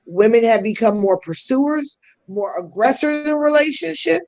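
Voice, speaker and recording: A woman's voice: fairly high pitch, expressive, moderate pace, darkish tone, poor audio. A woman hosting a podcast, explaining communication styles in a teaching tone with casual slang asides. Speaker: podcast host.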